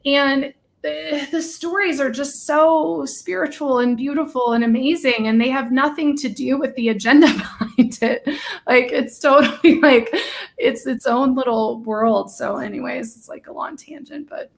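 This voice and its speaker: An effusive woman hosts a relaxed live-stream conversation, her fairly high voice bubbling over with enthusiasm. She spills from one excited tangent into the next. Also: vocal fry. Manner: bubbly, gushing, talks in quick tangents. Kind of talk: casual live-stream chat.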